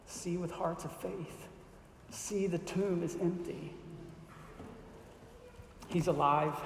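In a church hall with long, echoey reverb, a pastor delivers an earnest sermon to his congregation and closes in prayer. His voice is a little high, with slight background noise.

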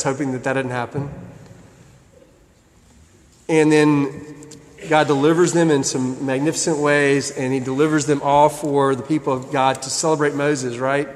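A man's voice: medium pitch, steady tone, normal speed, pauses often. A man preaching a sermon, retelling a story in a casual way with acted asides. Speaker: pastor. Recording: long hall reverb.

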